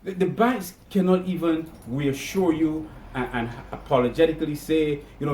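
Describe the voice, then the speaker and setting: A man with a somewhat high voice speaks his mind in an indignant monologue. He repeats his points and punches them hard. The sound rings in an echoey room. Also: expressive, normal speed, hardly any pauses, warm tone. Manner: indignant, repetitive, building to emphatic outbursts. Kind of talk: opinion monologue.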